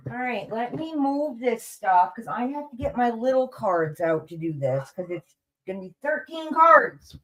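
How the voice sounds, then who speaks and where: A woman's voice: fairly high pitch, very animated, a little slow, a bit bright. A woman hosting a casual livestream as a tarot reader, out of breath and chatting with viewers. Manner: chatty, reads viewer messages aloud.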